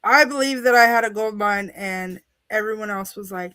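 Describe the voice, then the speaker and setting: A woman, answering interview questions in a relaxed, hesitant way. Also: medium pitch, moderate pace, few pauses, smooth, no room sound. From Oklahoma, USA. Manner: relaxed, hesitant, with fillers and laughs. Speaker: guest.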